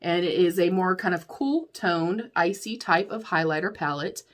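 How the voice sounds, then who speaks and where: Speaking at a normal pace with lively intonation, a young American woman with a lowish voice runs through a makeup declutter. As a beauty YouTuber, she gives a candid, chatty product review, laughs often, and calls her audience y'all.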